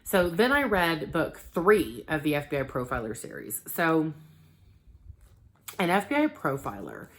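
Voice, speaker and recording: A woman in her thirties chatting casually about the books she read, full of ums and likes, getting animated when she quotes conversations. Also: low-pitched, unhurried. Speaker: book vlogger. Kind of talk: casual book review chat.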